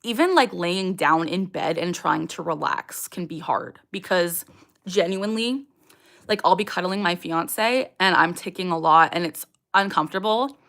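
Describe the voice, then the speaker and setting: Young woman, livestream host, gravelly, bright, lowish voice, candid chat, vocal tics. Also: moderate pace. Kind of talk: casual livestream chat, reading viewer questions.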